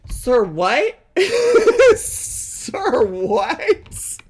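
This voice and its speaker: A man's voice: extremely high pitch, wildly swooping pitch, very slow, slightly rough. A man giving casual reaction commentary, giggly, sarcastic and rambling.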